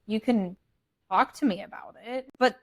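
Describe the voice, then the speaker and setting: A woman's voice: on the high side, moderate pace, no room sound. A young woman co-hosting a podcast, telling a family story in a blunt, candid, casual way. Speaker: podcast co-host. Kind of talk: casual chat.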